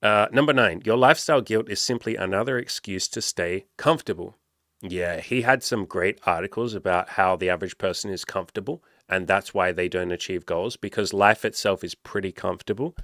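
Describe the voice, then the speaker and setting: A young man with a fairly low voice riffs casually through an article, swearing freely and hammering his points. The recording is close and dry, with no room sound. He keeps switching into little acted-out pep talks. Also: brisk, a bit bright, no echo. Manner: emphatic, profane, puts on voices when quoting himself. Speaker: podcast host and dating coach. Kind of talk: casual podcast commentary reading an article.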